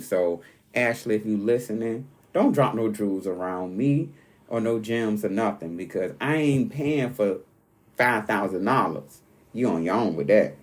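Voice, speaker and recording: A man talks alone into his podcast mic, rambling through stories in a loose, casual way. His voice sits at an ordinary middle pitch but leaps up suddenly when he gets worked up. The delivery is animated and unscripted. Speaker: podcast host. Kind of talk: casual solo podcast monologue.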